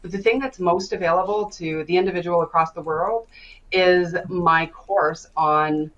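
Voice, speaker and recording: A woman coach speaking in an online session, telling stories with lively quoted dialogue. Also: lowish voice, moderate pace, muffled recording. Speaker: stress coach and guest speaker. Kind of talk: animated storytelling in an online session.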